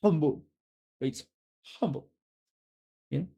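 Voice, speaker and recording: A streamer with a French accent gives a viewer a playful, teasing pep talk in casual live-stream chat. The delivery is slow and unhurried. The tone is mellow and dark, and the speaker jokes throughout. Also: medium pitch, highs cut off.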